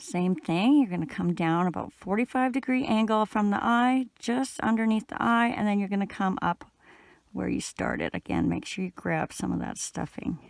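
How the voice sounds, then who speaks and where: Woman, middle-aged, crafting tutorial, slightly gravelly, dry sound, chatty. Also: mid-range voice, moderate pace, dry recording. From Canada. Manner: chatty and relaxed, talking while working. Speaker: crochet instructor.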